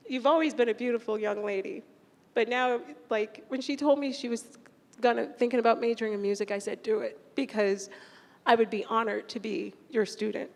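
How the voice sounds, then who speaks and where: A woman's voice: on the high side, fairly even intonation, a little fast, creaky, a little mellow. Teary woman teacher in an echoey hall. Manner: tearful, fond, laughing between lines. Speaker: orchestra teacher. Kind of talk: emotional farewell speech to graduating students. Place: large concert hall.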